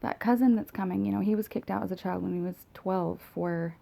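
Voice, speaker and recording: A woman's voice: mid-range voice, steady tone, a little fast, gravelly, mellow, low-quality recording. A woman in her late thirties talking in a rambling, candid, profane confessional vlog, recorded on a phone. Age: late 30s.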